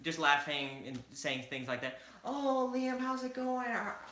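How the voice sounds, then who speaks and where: A man's voice: high-pitched, big pitch swings, a little slow, bright, forceful tone, a little hiss or hum, pitched above the performer's own voice, exaggerated voice. A man mimicking an upbeat young male vlogger, with raised, exaggerated cheer. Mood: gushing. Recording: echoey room.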